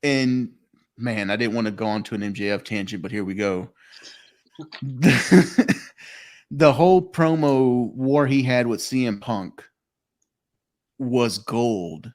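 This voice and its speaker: A man's voice: medium pitch, slow pace, pauses often, a little mellow. Profane storytelling podcast host man. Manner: profane, storytelling, laughing often. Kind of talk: casual chat. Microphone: phone call.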